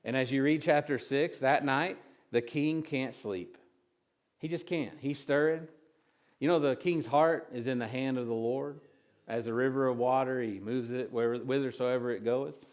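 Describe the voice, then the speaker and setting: A man's voice: medium pitch, normal speed. Give me a man preaching casually, reading scripture and chatting through the story. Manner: conversational preaching, with many restarts and asides; retells scripture with acted voices. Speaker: pastor.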